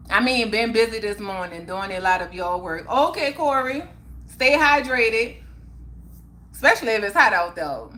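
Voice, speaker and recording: A woman with a fairly high, slightly bright voice hosts a casual livestream, reading viewer comments and chatting back. She could be a young adult or a middle-aged mother, and she preaches accountability in a motivational tone, laughing often.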